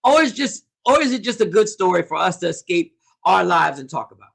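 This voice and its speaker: A man hosting a casual livestream, commenting on the news and reading viewers' comments aloud, animated and repetitive. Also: high voice, brisk, creaky, slightly rough. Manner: animated, talks back to chat, repeats himself. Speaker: host.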